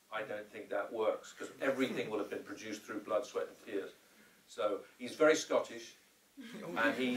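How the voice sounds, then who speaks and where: A man who is a film director, answering audience questions at a live Q&A after a screening, rambling with hesitations and acting out quotes. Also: mid-range voice. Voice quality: rambling, full of restarts and hesitations. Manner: animated storyteller who acts out quotes. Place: cinema screening room. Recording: roomy hall, distant mic, faint ambience.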